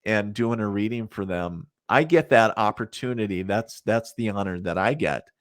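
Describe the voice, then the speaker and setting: A middle-aged man talks in a fairly low voice, telling loose, rambling stories full of fillers. He is a guest on a podcast. The sound is dry and close, with no room echo. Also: lively intonation, moderate pace. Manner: rambling, many fillers, laughs at his own stories. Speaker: guest, psychic medium. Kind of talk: casual storytelling in a podcast interview.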